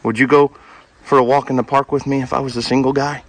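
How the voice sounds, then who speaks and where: A homesteader vlogger jokes around with his farm animals outside at the barn, coaxing them and talking to them like pals. He speaks quickly at a medium pitch with little movement in his intonation.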